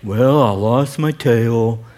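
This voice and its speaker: A man putting on a slow, gloomy voice as a self-pitying male donkey during a sermon. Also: mid-range voice, darkish tone, pitched below the performer's own voice, close to an everyday voice. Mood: mopey. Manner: slow, sighing, defeated delivery.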